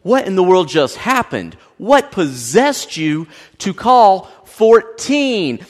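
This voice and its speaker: A man voicing a blunt, gruff middle-aged high-school football coach. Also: big pitch swings, slow, full character voice.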